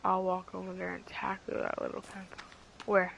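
A woman chatting casually while playing a game with a friend, swearing and teasing, with sudden loud outbursts. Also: lowish voice, completely flat delivery, normal speed, creaky, slight background noise, low-quality recording. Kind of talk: casual gaming chat.

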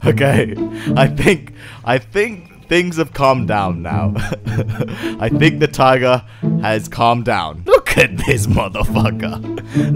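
A man giving jokey, casual gameplay commentary, yelling and joking at game animals. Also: mid-range voice. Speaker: gaming YouTuber.

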